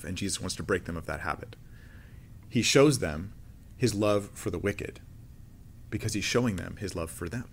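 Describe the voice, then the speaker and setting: A man's voice: fairly low pitch, fairly bright tone, a little hiss or hum. Joking, conversational male Bible teacher. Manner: conversational, joking, frequent restarts. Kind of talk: casual teaching talk.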